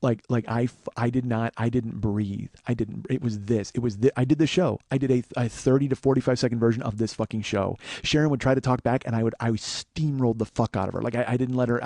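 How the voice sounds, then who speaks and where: Man, forties, podcast host, rapid-fire talk, dry close sound, swearing storyteller. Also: medium pitch, dark tone, dry recording. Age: 40s. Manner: profane, fast-building storyteller. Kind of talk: storytelling monologue.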